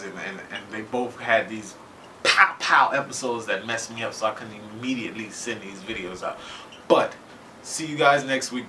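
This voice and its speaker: A man casually recapping a TV episode with profanity, talking loosely and keeping asking his viewers "right?". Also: on the low side. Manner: animated, loose and conversational, keeps asking "right?". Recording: faint noise, distant from mic.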